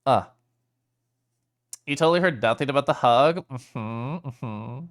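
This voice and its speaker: A man's voice: mid-range voice, measured pace. A male streamer talking casually to his chat, emotional and teary, laughing often between sentences.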